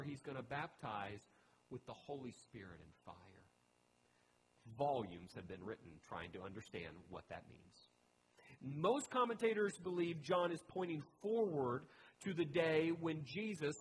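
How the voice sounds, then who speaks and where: A man's voice: a little high, a little hiss or hum, rough recording. A man preaching a teaching sermon in a chatty way, with joking asides to his listeners. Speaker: pastor.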